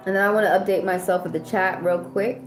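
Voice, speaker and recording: A woman's voice: mid-range voice, steady tone, fast. An American woman hosting a tarot livestream, giving blunt, profane, rambling advice in casual chat. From United States. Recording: echoey room with music playing.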